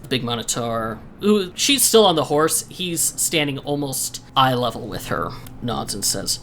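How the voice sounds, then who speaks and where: A woman narrating a tabletop game as game master, in a relaxed, descriptive storytelling manner. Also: rumbling low, a little slow, few pauses, slight background noise.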